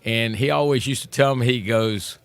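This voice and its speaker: A man's voice: medium pitch, moderate pace, clean tone. Southern-accented man telling family stories. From Texas. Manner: relaxed storyteller, repeats words as he restarts. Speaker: restaurateur guest. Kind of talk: casual interview conversation.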